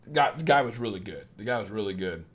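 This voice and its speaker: A man in his thirties giving blunt, profane dating advice on a live stream, swinging from low asides into loud rants. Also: animated, fast talker. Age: 30s. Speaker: dating coach.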